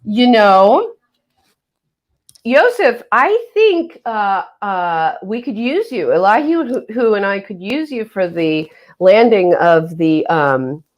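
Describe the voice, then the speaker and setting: A woman's voice: medium pitch, sing-song, takes it slowly, highs cut off. A woman hosting a casual livestream, reading viewer comments with a playful, jokey manner and mock-solemn asides, on a webcam mic. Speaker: livestream host.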